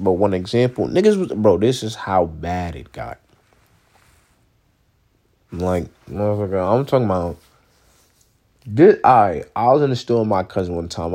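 Swearing freely, a young man talks casually and bluntly in a meandering monologue, his volume swinging between shouting and quiet muttering.

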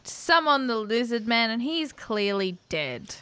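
A woman casually recapping a movie with a co-host, sarcastic and quick with quips. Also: fairly high pitch, sing-song, sharp tone, smooth, no room sound. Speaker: podcast co-host.

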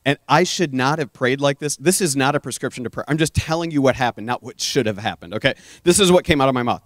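A man's voice: mid-range voice, quick pace, hardly any pauses, no room sound, clean studio sound. Earnest middle-aged male preacher. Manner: earnest storytelling, drops to a hush for emphasis; addresses the audience as "guys". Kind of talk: conversational sermon.

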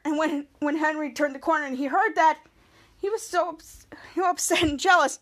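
A woman's voice: high-pitched, fairly even intonation, fairly quick. A woman podcast host recapping a TV episode in casual, rambling talk with many restarts.

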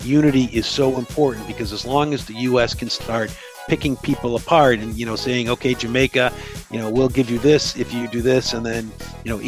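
A man speaking as a human rights advocate in an interview, explaining earnestly and briefly acting out what others said. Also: mid-range voice. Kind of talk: casual interview conversation.

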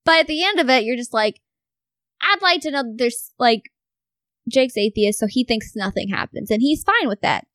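A woman with a fairly high voice tells a story in casual talk, swearing freely and acting out what everyone said. The sound is dry and close to the mic. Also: moderate pace, no echo. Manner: swears a lot, animated storytelling. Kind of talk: casual conversation.

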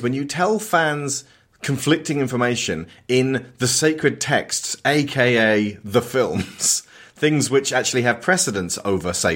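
A man with a lowish voice talks through movies in a loose, chatty way. His pitch swings around a lot as he jokes and wanders off on tangents. He sounds like a podcast co-host keeping things light. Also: a bit bright. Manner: rambling, jokey, quick asides. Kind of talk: casual film discussion.

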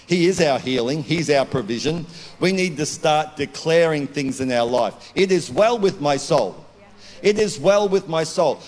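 A man preaching a sermon as a pastor, loud and declaring, swinging from calm talk to shouting. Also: fairly high pitch. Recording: long hall reverb.

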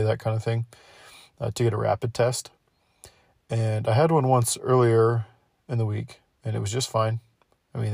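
A man's voice: lowish voice, creaky, darkish tone, dry recording, clean studio sound. A young man hosting a casual late-night podcast, rambling and sarcastic, a little sick with an inflamed throat. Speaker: podcast host.

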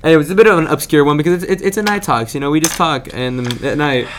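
Young man, casual chat host, swears a lot, laughs often, slightly higher voice. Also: very fast. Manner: laughing, joking, swearing banter. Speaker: podcast host. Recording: faint background noise.

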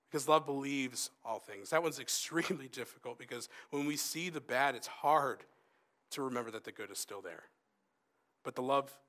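A man preaching a sermon in an earnest, conversational way, rising for emphasis and softening for quoted asides. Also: mid-range voice.

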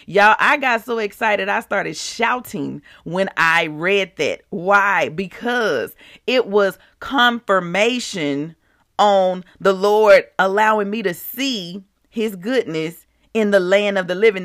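Woman, devotional podcast host, animated preacher, unhurried delivery, dry close sound. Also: mid-range voice, no echo. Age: adult, past college. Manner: animated, folksy, calls out to listeners.

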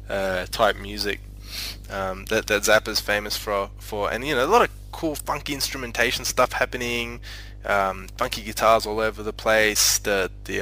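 A man's voice: on the low side, bright, forceful tone, poor audio. A man hosting a casual music discussion, hesitant and full of fillers as he gives his views and passes the turn on. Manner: hesitant, many fillers and restarts. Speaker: discussion host handing out turns.

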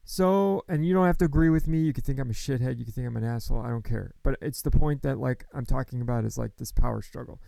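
A man's voice: medium pitch, quick pace, vocal fry, hardly any pauses, warm tone, no room sound, poor audio. A man in his thirties giving a blunt, candid personal monologue, swearing often and getting worked up as he talks. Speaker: vlogger.

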